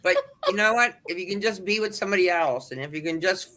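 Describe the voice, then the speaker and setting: Bright-voiced man telling caregiving stories. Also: high voice, fast talker. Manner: animated anecdotes with acted quotes. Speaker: caregiver support group leader. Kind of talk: panel discussion storytelling. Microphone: video call.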